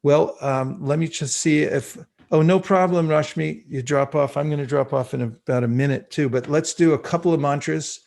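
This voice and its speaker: Man, gravelly voice, spiritual teacher, reflective talk, slow chanted mantras, video call audio. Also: on the high side, steady tone, a little mellow. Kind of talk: online class with mantra chanting.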